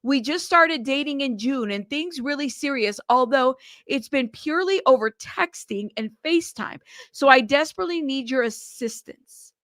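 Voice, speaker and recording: A woman's voice: high-pitched, lively intonation, normal speed, fairly bright tone, no room sound, studio quality. A woman hosting a true crime news livestream, outspoken and indignant, speaking straight to her viewers and cursing freely. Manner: outspoken and indignant, cusses, talks to her chat directly. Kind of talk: livestream commentary on a news case.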